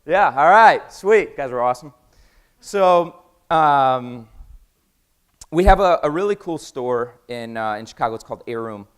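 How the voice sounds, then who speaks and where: An American man giving an energetic conference talk, quizzing the audience and acting out conversations. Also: mid-range voice, unhurried, clean tone. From United States. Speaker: conference speaker. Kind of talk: keynote talk with acted-out dialogue.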